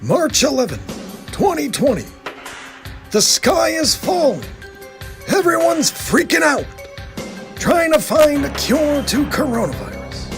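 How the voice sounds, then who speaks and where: A man putting on the voice of a grave, dramatic TV mystery-show narrator, booming and ominous, heard played back from a recording. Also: sing-song, slow, vocal fry, long pauses, soft background music, full character voice. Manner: booming, ominous announcer delivery.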